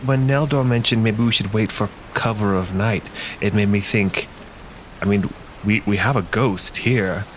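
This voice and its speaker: Low-voiced man playing his character. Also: normal speed, a little hiss or hum. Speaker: player. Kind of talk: casual in-character play.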